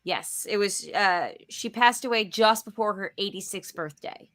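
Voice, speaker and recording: A woman hosting a casual podcast with a bright, clear voice. She steers the conversation, reads out listener comments and thanks supporters in a relaxed, chatty way. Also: medium pitch, measured pace. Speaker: podcast host.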